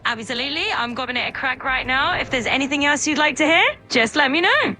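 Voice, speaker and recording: Bright chipper ai lady voice, kinda slurry, game music behind. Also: high-pitched, lively intonation, quick pace. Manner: relentlessly cheerful, agreeable, slurs words. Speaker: AI voice assistant. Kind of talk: upbeat chatbot replies.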